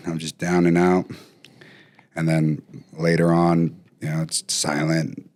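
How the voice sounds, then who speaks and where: A man talking as a podcast guest, telling stories casually with lively bursts and frequent restarts. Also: very deep voice, unhurried. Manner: animated, trails off and restarts often. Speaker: podcast guest, former pro football player. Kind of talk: casual storytelling.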